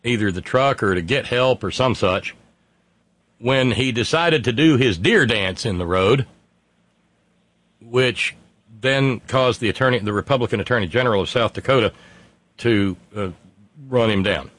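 A man's voice: medium pitch, moderate pace, pauses often, a bit bright, no room sound. A man co-hosting a talk show, telling a news story with heavy sarcasm and mocking asides. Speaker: co-host. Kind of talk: sardonic political banter.

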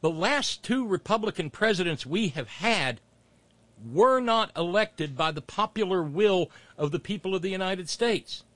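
A man's voice: high-pitched, animated, a little slow, a bit bright, no room sound. A man hosting political commentary, mocking clips with sarcastic asides and rising rants.

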